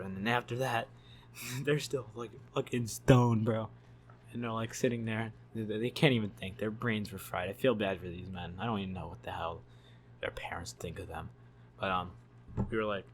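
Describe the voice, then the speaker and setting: A man's voice: fairly low pitch, slight background noise. A man telling a story in a casual vlog, rambling, swearing and laughing as he goes. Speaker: YouTube storyteller.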